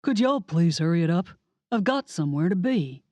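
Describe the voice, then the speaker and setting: A woman's voice: fairly low pitch, expressive, moderate pace, a little mellow, no echo. A woman voicing a smug, impatient man in his thirties in an audiobook, curt and clipped.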